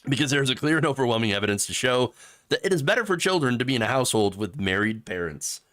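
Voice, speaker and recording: A man's voice: medium pitch, very animated, quick pace, a bit bright. A man reading out a quote as a stern, moralizing male conservative politician, in a put-on accent. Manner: puts on an accent while quoting.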